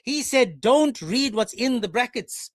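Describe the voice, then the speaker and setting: A man's voice: very high voice, lively intonation, unhurried, no echo, studio quality. A man hosting a heated debate, brusque and insistent, repeating his questions over and over. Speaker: host.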